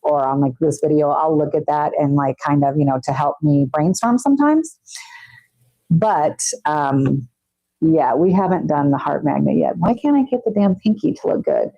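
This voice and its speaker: A woman's voice: deep voice, expressive, moderate pace, vocal fry, no echo, dull audio. A woman chatting casually with her viewers on a live stream while doing her nails, teasing them as she works, on a wireless mic. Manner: chatty, teasing, talks to chat while working. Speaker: nail artist streamer.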